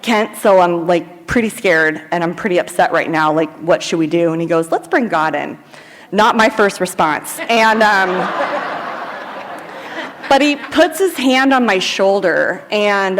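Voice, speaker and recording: Chatty woman from Sacramento in a reverberant hall. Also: mid-range voice. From Sacramento, California. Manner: chatty storyteller, many "like"s and "um"s. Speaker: AA speaker. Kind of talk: personal recovery story told to a live audience. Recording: long hall reverb at a live event.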